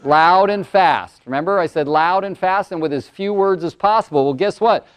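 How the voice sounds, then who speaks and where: An older man giving a lively workshop talk, loud and fast with many words. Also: high voice, smooth. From California. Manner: energetic, talks loud and fast with lots of words. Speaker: motivational speaker and coach. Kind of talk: live workshop presentation.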